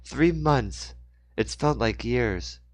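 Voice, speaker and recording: A man's voice: mid-range voice, lively intonation, normal speed, no room sound, voice pushed up, lightly acted. A man voicing a furious woman assistant in her forties, scolding sharply in a read-aloud story.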